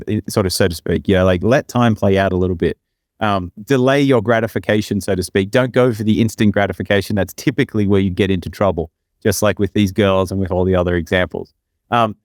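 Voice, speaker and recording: A man's voice: on the low side, no room sound, clean studio sound. A man co-hosting a podcast, telling rambling stories full of fillers and restarts. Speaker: podcast co-host. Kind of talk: casual podcast chat.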